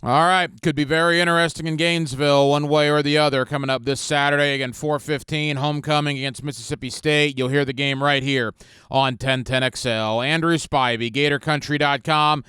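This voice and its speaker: A man hosting a radio sports talk show, brisk, firing off quick questions at his guest. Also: fairly high pitch, fairly even intonation, pushed and bright, clear, resonant tone, no echo.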